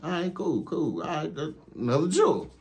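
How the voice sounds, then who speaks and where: A man's voice: fairly high pitch, very animated, brisk, darkish tone. A man telling a comedic story about his trucking training in a casual, profane, slangy way. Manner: profane, laid-back, slangy. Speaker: truck driver.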